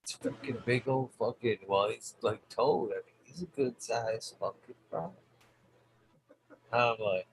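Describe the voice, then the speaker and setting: A man's voice: mid-range voice, animated, moderate pace, breathy edge, no echo, rough recording. A man hosting his own channel, telling a rambling, swear-heavy story in casual vlog style. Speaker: channel host.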